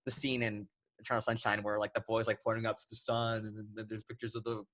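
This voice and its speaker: A man's voice: lowish voice, completely flat delivery, fast, a bit bright. A man co-hosting a casual film podcast who jokes, laughs often and restarts his sentences. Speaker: podcast co-host.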